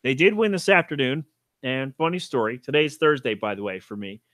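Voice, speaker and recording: Bright-voiced, rambling male podcast host. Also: mid-range voice, very animated, a little fast, dry recording, clean studio sound. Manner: offhand, self-deprecating, swears casually. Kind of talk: casual solo podcast rambling.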